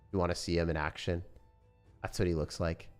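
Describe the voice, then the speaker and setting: A young man with a fairly low voice talks loosely to his stream viewers. His delivery rambles along with plenty of fillers and restarts. Faint music plays quietly underneath. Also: fairly quick, clean tone. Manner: relaxed, rambling, lots of fillers. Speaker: gaming streamer. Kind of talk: casual sponsored stream chat.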